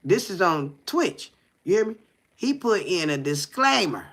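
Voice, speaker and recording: Guy ranting on a livestream, kinda high bright voice, keeps going "you hear me". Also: big pitch swings, measured pace. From Detroit. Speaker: content creator. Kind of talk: casual livestream commentary.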